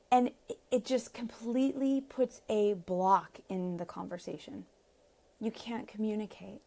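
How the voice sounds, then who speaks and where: A woman's voice: mid-range voice, normal speed, mellow. A woman relationship coach giving chatty live advice to viewers, laughing often and acting out what partners say. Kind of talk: live-streamed advice talk.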